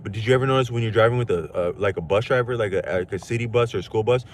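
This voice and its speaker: A man with a fairly low voice talks casually to his livestream chat. He rambles in loose, slangy speech, circling back and restarting his thoughts. A faint hiss of background noise sits under the voice. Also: very fast.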